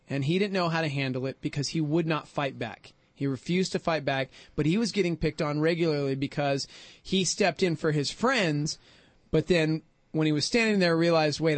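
Man, middle-aged, radio host, high voice, dry close mic. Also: no room sound. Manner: chatty, quick laughs, reads out the call-in number. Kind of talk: casual radio chat.

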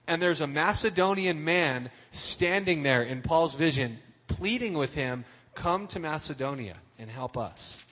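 A man's voice: on the high side, a bit bright. A man giving a casual youth sermon, conversational and asking his listeners questions as he reads and explains scripture. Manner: conversational, asks the room questions. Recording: long hall reverb.

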